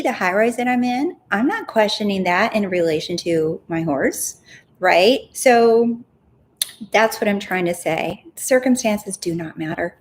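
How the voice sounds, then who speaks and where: A chatty young woman talking straight to her viewers in a casual live Q&A. Her voice sits at an ordinary middle pitch and swings up and down as she gets animated. She laughs at herself and keeps asking "right?". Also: a little hiss or hum. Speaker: manifestation coach hosting a live Q&A.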